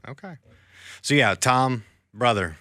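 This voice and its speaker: A man co-hosting a podcast in casual chat, easygoing and agreeable, chiming in with quick yeses. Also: mid-range voice, bright, forceful tone, no echo, studio quality. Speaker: podcast co-host.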